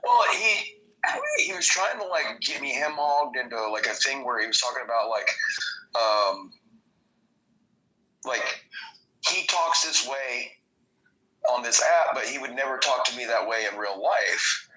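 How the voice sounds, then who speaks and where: Blunt, profane man with a bright, sharp voice. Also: mid-range voice, a little slow, pauses often, low-quality recording. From Georgia, US. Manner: blunt, profane, animated storytelling. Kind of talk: casual chat.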